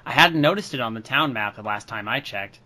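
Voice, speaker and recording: A man co-hosting a podcast, reading a story and chatting casually in an animated way. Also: medium pitch, a little fast. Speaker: podcast co-host, reader.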